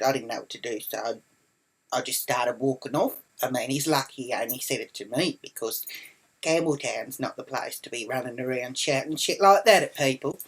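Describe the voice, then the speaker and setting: An Australian woman with a low voice tells a storytime vlog rant. She is brash and indignant, swears constantly, and slips into the voices of the people in her story. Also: breathy edge, rough recording. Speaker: vlogger. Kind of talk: ranting storytime monologue.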